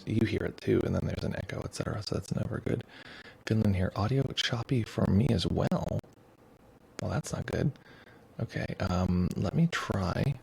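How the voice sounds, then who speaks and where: A man's voice: fairly low pitch, creaky, a little mellow, slight background noise, low-quality recording. A man hosting a meditation livestream in a casual, joking way, reading viewer comments aloud. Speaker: meditation teacher. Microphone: streaming mic with headphones.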